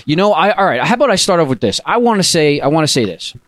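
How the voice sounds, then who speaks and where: A man's voice: a little high, big pitch swings, fast talker, fairly bright tone. A man hosting a casual podcast, upbeat and rambling, full of fillers and restarts. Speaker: podcast host.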